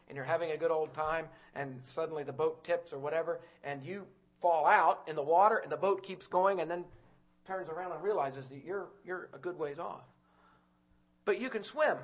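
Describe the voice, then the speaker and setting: A man preaching with a fairly high voice that climbs and swells when he presses his point. He tells stories quietly, then rises to urgent calls, repeating words and restarting as he goes. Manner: swings from loud urgent calls to quiet hushed telling. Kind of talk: sermon.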